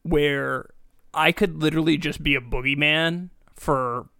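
Man, jokey podcast co-host, fairly high and bright, dry close sound. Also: gravelly, smooth, no room sound. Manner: jokey, quick to riff, crude. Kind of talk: casual joking chat.

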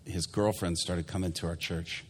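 A male pastor delivers a sermon, his voice sitting a little low. He tells a story with animation and acts out each person in it. A long reverb trails his words through the church. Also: moderate pace, a little hiss or hum. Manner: animated storyteller, acting out quoted people.

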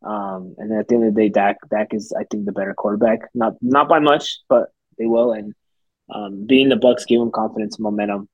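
A man's voice: on the low side, expressive, fairly quick, dry recording, muffled recording. A man co-hosting a sports podcast, giving confident betting picks in a laid-back, casual way. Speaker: podcast co-host.

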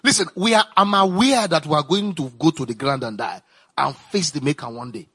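A man's voice: a little high, brisk, a bit bright, slightly rough. A man preaching a sermon, reading scripture aloud and breaking off into urgent, repetitive asides to his congregation. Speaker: pastor.

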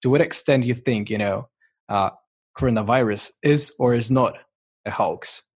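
A man's voice: mid-range voice, moderate pace, darkish tone, husky. A man hosting a podcast interview, asking rambling, casual questions. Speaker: podcast host.

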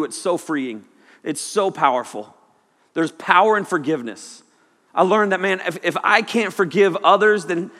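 A man preaching a sermon, telling a personal story in an animated way and sometimes shouting quoted lines. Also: high-pitched. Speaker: pastor. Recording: long hall reverb.

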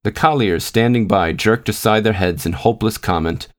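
A man reads a classic short story in a low, even voice. His narration is measured and unhurried. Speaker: podcast host and reader. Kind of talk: scripted narration.

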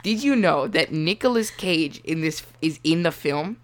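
A woman's voice: deep voice, expressive, unhurried. A woman co-hosting a podcast in casual chat, jokey and rambling, laughing often. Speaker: podcast co-host. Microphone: remote call mic.

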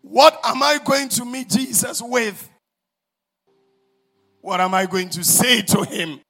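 A man voicing a dying young man who pleads in anguish, with a husky voice that cries out loudly. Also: extremely high pitch, lively intonation, slow pace, voice pushed up, exaggerated voice.

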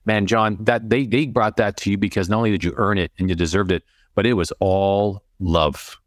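A man's voice: on the low side, fairly even intonation, normal speed, no room sound, studio quality. A man hosting an online interview on a video call, affirming and praising his guest. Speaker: host.

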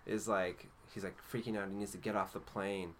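A man's voice: low-pitched, flat delivery, fairly quick, a bit bright, slight background noise. A man being interviewed as an actor, chatting casually, laughing often and rambling with fillers. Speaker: actor guest.

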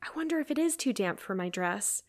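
A woman's voice: mid-range voice, moderate pace, lightly acted. A woman reading aloud, voicing an eager, dreamy teenage girl who talks effusively. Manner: romantic, effusive.

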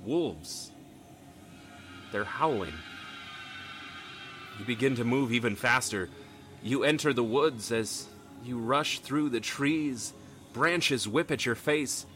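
Man, game master, dramatic second-person narration, bright tone, faint background music. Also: medium pitch, takes it slowly, pauses often. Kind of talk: narrating a tabletop role-playing game.

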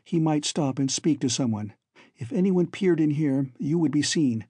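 A man's voice: on the high side, expressive, moderate pace, mellow, husky, no echo, studio quality. A man reading an audiobook, voicing a slim little young woman who is tense and frightened and pleads urgently. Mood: anxious. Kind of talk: audiobook character voice.

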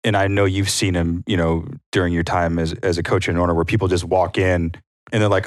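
A man's voice: level tone, fast, no echo, clean studio sound. A man co-hosting a podcast, chatting casually and telling stories, sometimes acting out what people said. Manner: storytelling, acts out quotes in a higher voice. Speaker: podcast co-host. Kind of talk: casual chat.

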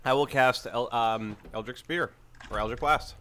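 A man's voice: medium pitch, moderate pace, bright, forceful tone. A man playing a tabletop game, hesitant and stumbling over words. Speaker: player.

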